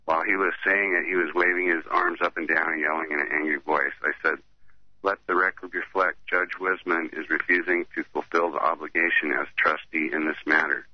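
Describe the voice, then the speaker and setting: Very deep, flat-voiced man on a dull line. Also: no echo. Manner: halting, reads slowly with many fillers. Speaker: caller. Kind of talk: reading an account aloud by phone.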